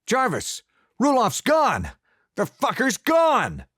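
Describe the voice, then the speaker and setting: A man voicing a rough, hot-tempered young man who shouts and curses in panic in a storybook reading. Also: medium pitch, expressive, unhurried, dry recording, studio quality. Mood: alarmed.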